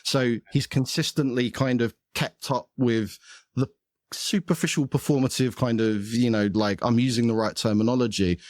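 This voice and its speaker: A man's voice: mid-range voice, fairly even intonation, moderate pace, darkish tone, no echo, clean studio sound. A man, a podcast guest explaining his views in a thoughtful, conversational way. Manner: thoughtful, explanatory, with occasional laughs. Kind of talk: conversational interview.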